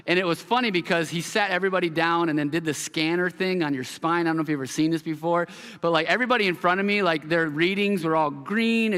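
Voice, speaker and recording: A man preaching a sermon as pastor, telling a story with animated quoted voices. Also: fairly high pitch, quick pace. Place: church hall. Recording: long hall reverb.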